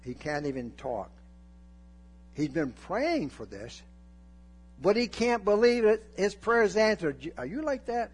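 Older male preacher, folksy sermon, lively rising and falling voice, slightly raised pitch. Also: a little slow, slightly rough. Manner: folksy, animated, jokes and acts out Bible scenes.

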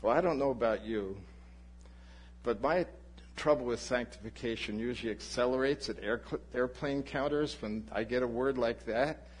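Male preacher, husky mid-pitched voice, lively storytelling sermon. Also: normal speed. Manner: animated anecdote, voices the people in his story. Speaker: pastor.

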